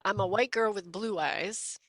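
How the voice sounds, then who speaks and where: A woman co-hosting a podcast interview, talking in a lively, chatty and playful way. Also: mid-range voice, a little slow, no room sound. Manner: lively, chatty, playful, does quoted voices. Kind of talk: casual conversational interview.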